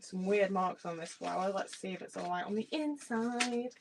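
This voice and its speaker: A woman's voice: medium pitch, moderate pace, gravelly, noisy background. A young English woman from the Midlands, with a slight Liverpool twang, chatting and swearing freely with viewers while baking in her home kitchen. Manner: rambling, chatty, swears freely, self-deprecating. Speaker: livestreamer.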